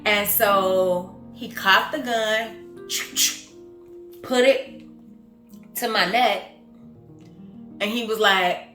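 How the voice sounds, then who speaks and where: A woman recounting her own story in an earnest, reflective way, halting often with pauses and fillers. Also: medium pitch, steady tone, sharp tone, roomy sound, faint music behind. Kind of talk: personal storytelling.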